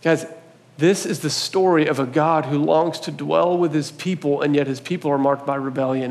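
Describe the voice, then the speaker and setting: Animated male pastor in an echoing hall. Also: on the high side, moderate pace, vocal fry. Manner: animated storytelling, voicing God and others in quotes. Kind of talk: sermon. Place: church sanctuary.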